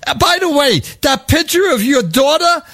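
A man's voice: very high voice, lively intonation, normal speed, pushed and bright, pitched above the performer's own voice, full character voice. A man voicing a sixty-ish woman who sternly admonishes a rude man. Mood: scolding.

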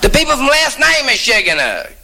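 A man's voice: extremely high pitch, huge pitch swings, normal speed, creaky, a crowd in the background, voice pushed up, exaggerated voice. A man voicing an eager, pushy old small-town man of about sixty-five in a noisy old live recording.

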